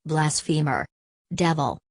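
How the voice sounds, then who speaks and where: A woman's voice: sits low, expressive, takes it slowly, vocal fry, no echo, clean studio sound, full character voice. A woman reading a fanatically pious older woman who scolds and rages in a storybook. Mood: raging.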